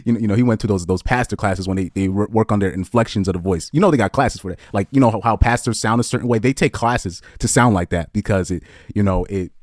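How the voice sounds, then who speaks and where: Blunt, low-voiced man ranting. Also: fast talker, hardly any pauses, no echo, clean studio sound. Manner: blunt, rambling, with frequent restarts and chuckles. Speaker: podcast commentator. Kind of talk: casual opinion commentary.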